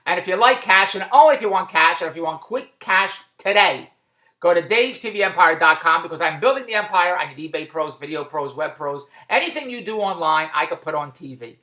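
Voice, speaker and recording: A man vlogging about his day at a shopping mall, rambling and repetitive, breaking into loud plugs for his business. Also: a little high, animated, fairly quick, reverberant. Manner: repetitive, tangential, with loud self-promoting plugs. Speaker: vlogger and online business owner. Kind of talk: rambling casual vlog.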